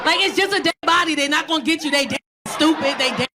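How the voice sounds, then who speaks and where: Brash high-voiced New York woman comic. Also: fast talker, background noise. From South Bronx, New York. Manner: brash, profane, teasing the crowd. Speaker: stand-up comedian. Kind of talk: stand-up comedy with crowd work. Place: comedy club stage with live audience. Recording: live club recording with loud crowd laughter.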